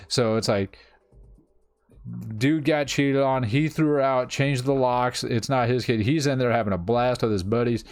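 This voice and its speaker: A man's voice: medium pitch, normal speed, dry recording. A man co-hosting a casual chat, blunt and sarcastic with plenty of swearing.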